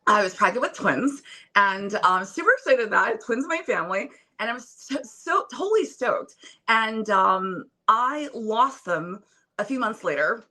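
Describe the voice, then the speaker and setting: A woman's voice: fairly high pitch, animated, moderate pace, pushed and bright. A young woman on a phone video call, speaking as a podcast guest in an earnest, emphatic, preacher-like way. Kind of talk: motivational interview talk.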